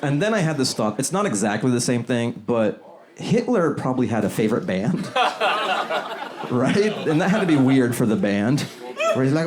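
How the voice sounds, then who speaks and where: Male stand-up from the Seattle area, animated delivery, audience laughter behind him. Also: mid-range voice, moderate pace, over a noisy crowd. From Seattle area, USA. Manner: loose, chuckling, lively voices for bits. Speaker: stand-up comedian. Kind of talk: stand-up set, working on new material. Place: comedy club with a laughing audience. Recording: live club audience audible.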